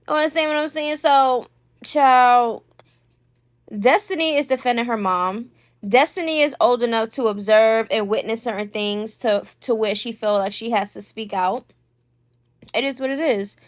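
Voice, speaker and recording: Sassy high-voiced woman dishing celebrity gossip. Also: measured pace, no room sound, clean studio sound. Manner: sassy, animated, slangy, addresses viewers as y'all and child. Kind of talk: casual gossip commentary to viewers.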